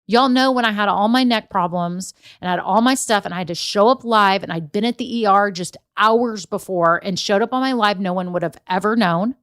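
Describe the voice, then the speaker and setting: A woman's voice: medium pitch, brisk, few pauses, a bit bright. A woman in her forties hosting a solo business podcast, telling personal stories in a chatty, conversational way and often speaking straight to the listener. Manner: chatty storytelling, laughs often, frequent direct asides. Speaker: podcast host and business coach.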